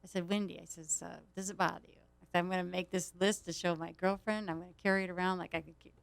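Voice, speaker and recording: Woman, low gravelly voice, casual rambling anecdote, laughs a lot. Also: level tone, fast, no echo. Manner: rambling storyteller, laughs often. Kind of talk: casual chat. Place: small studio.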